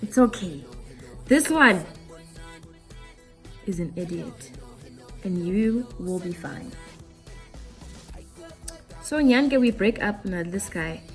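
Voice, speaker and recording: A young woman chats to her viewers in a slangy, candid storytime while she does her makeup. She talks slowly, taking her time over each line, and her voice sits at an ordinary middle pitch. Faint music plays underneath. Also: animated. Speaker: beauty vlogger.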